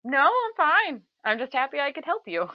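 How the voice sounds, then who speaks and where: A friendly young cat-folk wanderer with a high, bright voice that swings up and down, as a woman plays her. The recording is dry and a little dull, lo-fi. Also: big pitch swings, normal speed, no echo. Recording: slightly dull, lo-fi sound.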